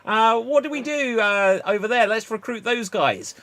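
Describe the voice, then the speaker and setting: A man doing a loud, chirpy Aussie-style brawler. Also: sits high, moderate pace, voice pushed up. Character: brash male fighter putting on an Australian drawl.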